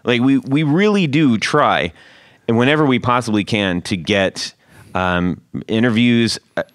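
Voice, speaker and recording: A man's voice: medium pitch, animated, a little slow, fairly bright tone, no room sound, studio quality. A man hosting a casual guitar gear podcast, joking and rambling, laughing often. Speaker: podcast host.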